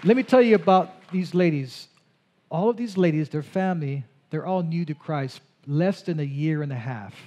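Animated man pastor interviewing onstage. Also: fairly high pitch, normal speed. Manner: animated, chatty with asides and repeated words. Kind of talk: onstage interview in a church service.

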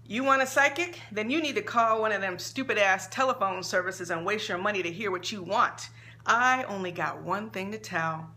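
A woman's voice: medium pitch, moderate pace, pushed and bright, a little hiss or hum. A woman voicing a blunt, streetwise middle-aged female psychic with a folksy, plainspoken way of talking.

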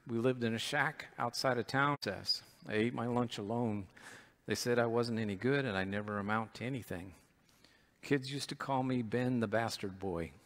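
A man's voice: medium pitch, normal speed, lightly acted. A man voicing an old country man from the mountains telling of his hard childhood in a folksy, earnest way. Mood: tearful.

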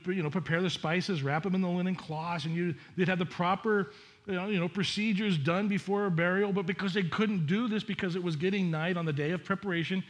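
A male pastor preaching a sermon in an earnest, conversational way, often restarting his sentences. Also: high voice. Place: church sanctuary.

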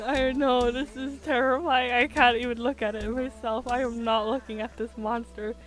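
A woman's voice: on the high side, flat delivery, normal speed, hardly any pauses, soft background music. A woman streaming a building game, chatting in a self-mocking way and breaking into laughs and squeals. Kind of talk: casual game-stream commentary.

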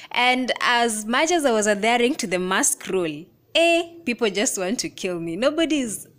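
A young Kenyan woman with a Kenyan accent, narrating a casual travel vlog from inside a moving minibus, excited and chatty, pointing out sights with the odd swear word. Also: a little high, measured pace. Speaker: vlogger.

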